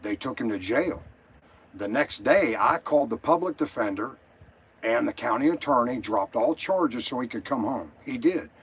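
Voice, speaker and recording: A man's voice: medium pitch, expressive, moderate pace, husky. An older man calling in to a show, telling his story in an agitated, rambling way and swearing often. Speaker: caller. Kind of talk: emotional call-in story.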